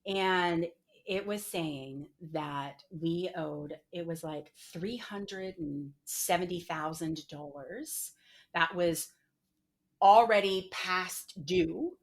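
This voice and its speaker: Brief: middle-aged woman guest, low-pitched voice, candid, filler-heavy storytelling. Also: takes it slowly. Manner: frequent "like" fillers, emotional retelling. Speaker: podcast guest, entrepreneur.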